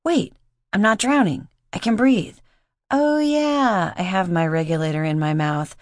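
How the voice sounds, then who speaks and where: A woman's voice: low voice, expressive, moderate pace, no room sound, clean studio sound. A woman reading an audiobook, voicing a nervous, guarded young woman with a hesitant, anxious manner. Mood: flustered. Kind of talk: audiobook character voice.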